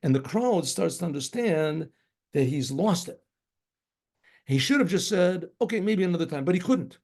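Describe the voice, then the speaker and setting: A man's voice: fairly high pitch, lively intonation, measured pace, darkish tone. A man, a rabbi, telling a story in a rambling, conversational way and acting out the sounds in it. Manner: rambling, conversational, acts out shofar blasts. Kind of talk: spoken storytelling.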